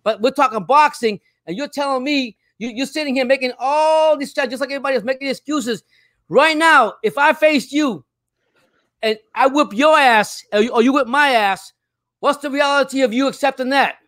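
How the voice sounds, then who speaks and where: Very high-voiced older man arguing hotly. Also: moderate pace, dry recording. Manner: forceful, swears, repeats himself, cuts in. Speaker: boxing fan in a debate. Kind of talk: heated street argument.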